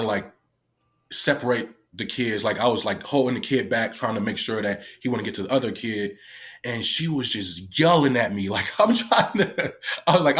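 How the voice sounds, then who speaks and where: A guest who once worked in youth detention, a man with a mid-range and fairly bright voice, casually tells a personal story. He's candid and emotional, swears often, and acts out what other people said.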